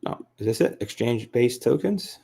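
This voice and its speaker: A man hosting a casual crypto video, talking through his screen with excitable, rambling commentary, full of fillers and repeats. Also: mid-range voice, moderate pace, creaky, husky.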